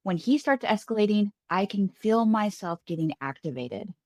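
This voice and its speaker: A woman's voice: medium pitch, expressive, normal speed, a little mellow, no echo. Woman, parent, candid question, dry recording.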